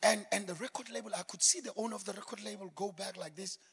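A man with a high, bright, forceful voice gives a testimony from a church platform. He tells his story dramatically, dropping to hushed asides and then climbing to shouted peaks. His voice rings with the long reverb of a large hall. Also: steady tone, fast, vocal fry, husky. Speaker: guest speaker giving a testimony. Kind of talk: preaching testimony.

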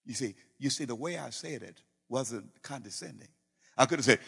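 A man's voice: medium pitch, animated, fairly quick, vocal fry, fairly bright tone, slightly rough. A middle-aged man, a pastor, preaching a sermon in a storytelling way, acting out conversations and often restarting his sentences. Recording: reverberant hall.

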